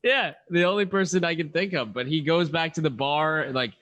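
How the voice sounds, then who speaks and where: A man's voice: fairly high pitch, moderate pace, a bit bright, no echo. A man co-hosting a podcast, recapping a movie in casual chat, laughing often and acting out lines. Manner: laughs often, acts out quotes. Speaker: podcast co-host.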